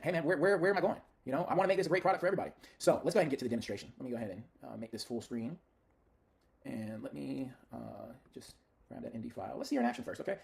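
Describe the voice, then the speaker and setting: A man casually walking viewers through a demo of software he built, chatty and hyped, talking straight to his audience. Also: on the high side, vocal fry. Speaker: software creator demoing his own tool. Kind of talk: casual screen-share product demo.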